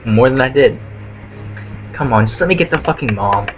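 A man's voice: medium pitch, expressive, normal speed, dull audio, soft background music. Swearing, rambling young gamer guy. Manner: rambling, filler-heavy, swears constantly. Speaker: let's play gamer. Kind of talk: casual gameplay commentary. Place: at home.

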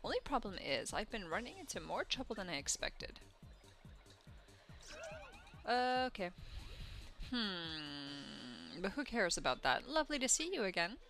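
A woman's voice: mid-range voice, very animated, measured pace, pauses often, fairly bright tone, faint music behind. A woman voicing a flirtatious, sly female mouse thief in a video game. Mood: flirty. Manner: teasing, flirtatious.

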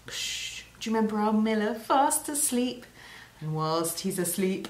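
A woman teaching French to young children, talking in a gentle sing-song way. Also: medium pitch, expressive, unhurried, reverberant. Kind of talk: children's language lesson.

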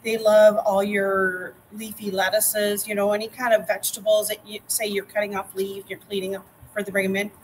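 A middle-aged woman, a master gardener guest, chatting casually and telling lively anecdotes. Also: mid-range voice, normal speed, hardly any pauses, a little hiss or hum, poor audio. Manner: lively anecdotes, acts out quotes. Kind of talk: casual storytelling chat.

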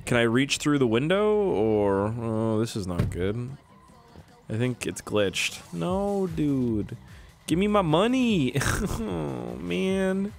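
A man's voice: mid-range voice, sing-song, slow pace, gravelly, soft background music. A young man from Canada giving joking, self-mocking commentary while playing a game. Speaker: gaming YouTuber. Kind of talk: let's play commentary.

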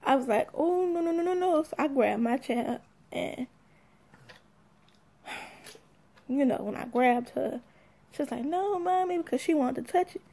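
Young woman, AAVE, high gravelly voice, sassy storyteller acting out quotes. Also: measured pace, pauses often. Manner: animated, sassy, acts out quotes. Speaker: mother telling a story. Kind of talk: casual storytelling.

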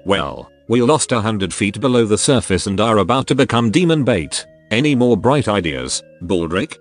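A man's voice: lowish voice, expressive, normal speed, soft background music, natural voice. A male text-to-speech voice reading the lines of a sarcastic, scheming nobleman in an audio story. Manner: dry, sarcastic.

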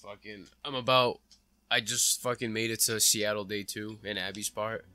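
A young man playing the game and chatting in a relaxed way, laughing often and throwing in jokes. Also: fairly low pitch, moderate pace, clear, resonant tone. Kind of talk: casual chat while gaming. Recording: game music playing faintly behind.

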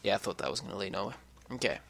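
A man's voice: fairly low pitch, lively intonation, very fast, gravelly, fairly bright tone. Brief: male let's-player, swears a lot and rambles, grumbling at the game as he plays. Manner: profane, rambling, complaining to himself. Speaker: gamer playing a puzzle map. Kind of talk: let's-play commentary.

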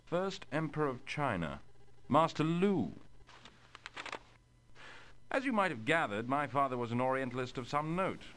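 A polished young baron. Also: male voice, mid-range voice, normal speed, pauses often, slight background noise. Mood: courteous. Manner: polished, formal and animated. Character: young male aristocratic baron, sporty and courteous.

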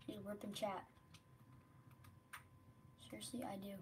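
This is a woman narrating her own gameplay for a stream in a loose, rambling way. Her voice sits at a mid pitch, and she often drops into quiet mutters. Faint background noise runs under the recording. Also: measured pace, pauses often. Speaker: game streamer. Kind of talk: casual gameplay commentary.

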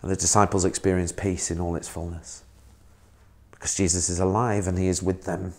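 A man's voice: deep voice, flat delivery, fairly quick. A man, a minister giving a sermon in a conversational way, asking the listener questions.

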